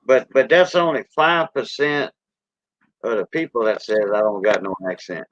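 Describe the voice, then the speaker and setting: A man's voice: mid-range voice, expressive, moderate pace, no room sound. An older man from South Louisiana with a Cajun accent, French his first language, hosting a casual livestream chat in a rambling, folksy way. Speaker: host. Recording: dull dry lo-fi sound.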